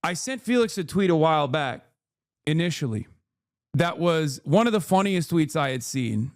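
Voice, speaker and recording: A man's voice: a little high, animated, normal speed, no echo, studio quality. A man giving heated political commentary as a streamer, exasperated and swearing often.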